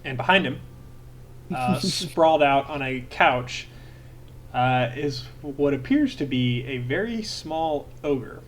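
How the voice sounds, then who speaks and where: A man narrating as game master in a relaxed way, with fillers and self-corrections. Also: medium pitch, takes it slowly. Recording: noisy home recording.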